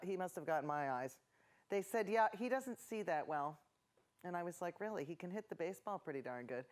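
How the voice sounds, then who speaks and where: A middle-aged woman hosting a painting lesson, rambling through self-mocking stories as she paints. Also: medium pitch. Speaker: painting show host.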